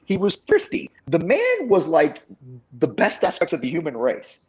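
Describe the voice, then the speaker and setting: A young man telling an animated story on a casual podcast, acting out the quotes of the people in it. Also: a little high, moderate pace, lo-fi sound. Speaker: guest, wrestling announcer.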